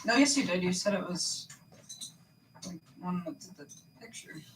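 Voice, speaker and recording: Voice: mid-range voice, lively intonation, moderate pace, fairly bright tone. A co-host in casual chat, mostly giving brief agreeing replies. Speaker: livestream co-host. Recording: roomy, distant mic with faint noise.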